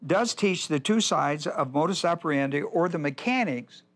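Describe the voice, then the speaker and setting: A man's voice: a little high, expressive, moderate pace, a bit bright. An older man teaching a Bible study as pastor, folksy and digressive, often repeating himself. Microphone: whiteboard lecture in a church.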